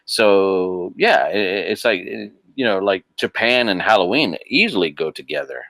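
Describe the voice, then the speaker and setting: Man, very low voice, dry close sound, animated casual podcast chat, laughs a lot. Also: moderate pace, no room sound. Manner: animated, laughs often, frequent restarts. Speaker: podcast guest.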